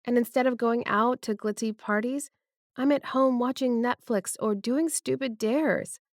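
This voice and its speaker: A woman's voice: a little high, measured pace, no room sound, clean studio sound, voice pushed up. A woman narrator voicing a feisty young woman who teases and bickers with her rival, in an audiobook. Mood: aggrieved.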